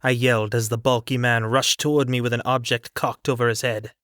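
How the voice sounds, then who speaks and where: A man narrating an audiobook in the first person, in a steady, earnest storytelling manner. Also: medium pitch, fairly quick, smooth, dry recording, clean studio sound. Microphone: studio microphone, dry.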